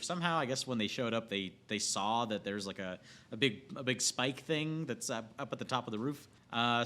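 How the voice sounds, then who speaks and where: A young man in a loose, profane movie rant, his voice sitting at an ordinary middle pitch. He rambles and restarts constantly, stuffing every sentence with filler words as he retells scenes and breaks briefly into acted quotes. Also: fairly bright tone. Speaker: movie reviewer.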